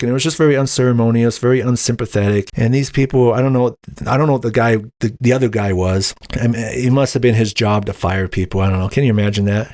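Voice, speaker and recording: A young adult man hosting a podcast, telling a personal story casually and acting out the voices of others with a raised pitch. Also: fast talker, no room sound, clean studio sound. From Utah. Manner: animated, acts out quotes in raised voice. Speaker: podcast host.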